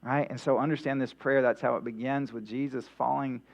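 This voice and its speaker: In a midweek church sermon, a male pastor speaks a little fast in a steady, mid-range voice with some vocal fry. He chats rather than orates, restarting sentences and adding "right?" asides, captured on dull lo-fi audio with a mains hum.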